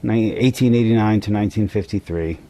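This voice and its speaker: A man's voice: lowish voice, brisk, dark tone. A man co-hosting a podcast in casual chat, profane and rambling, a little tipsy. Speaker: podcast co-host.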